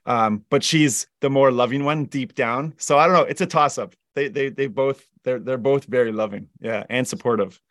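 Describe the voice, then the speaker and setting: A man in his thirties chats loosely about life as a drummer, circling his point with fillers and false starts. His voice is mid-pitched and sits close and dry, with no room around it. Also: moderate pace, hardly any pauses, a bit bright, no room sound. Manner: rambling, many "like" fillers and restarts. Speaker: guest drummer. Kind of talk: casual chat.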